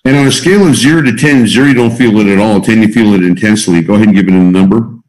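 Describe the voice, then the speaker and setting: A man's voice: on the low side, rapid-fire, darkish tone. A man coaching a small group of students, teaching in an emphatic way and repeating his key points. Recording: roomy echo.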